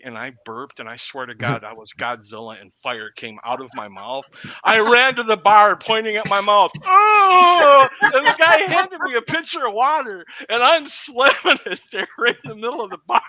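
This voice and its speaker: A man chatting casually on a podcast, telling stories with lively acted-out quotes. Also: high voice, normal speed. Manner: animated storyteller, acts out quotes. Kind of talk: casual chat.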